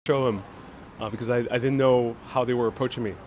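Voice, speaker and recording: A man's voice: medium pitch, steady tone, quick pace, slight background noise. A man hosting a live-streamed walking vlog, chatting casually with lots of fillers, restarts and frequent laughs, speaking into a handheld phone outdoors. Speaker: travel vlogger host. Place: outdoors on city streets. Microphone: phone held in hand while live streaming.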